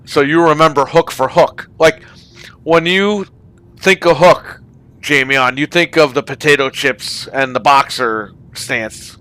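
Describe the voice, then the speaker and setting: A man with a somewhat high, bright voice rants on a casual gaming party chat. He curses freely and keeps asking if you know what he means. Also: unhurried, clear, resonant tone. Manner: profane, ranting about wrestling. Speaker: podcast host.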